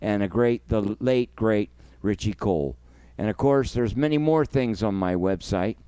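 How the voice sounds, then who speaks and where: Smooth-voiced emotional man hosting a livestream. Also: lowish voice, unhurried, no room sound. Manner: emotional, effusive, thanks viewers warmly by name. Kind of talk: casual livestream chat.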